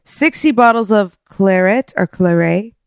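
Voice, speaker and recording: A woman's voice: medium pitch, creaky, smooth, no echo, clean studio sound. A woman co-hosting a podcast in loose, casual chat, drawing out her words and laughing often. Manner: giggly, drawn-out, loose delivery. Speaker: podcast co-host.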